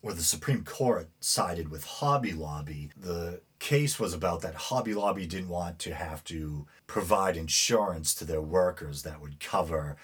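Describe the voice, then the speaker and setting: A man's voice: deep voice, lively intonation, a little slow, hardly any pauses, slightly rough. A man with a New England accent hosting a show, reading news stories aloud with many fillers and rambling, indignant asides. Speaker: podcast host. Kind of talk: casual commentary reading news.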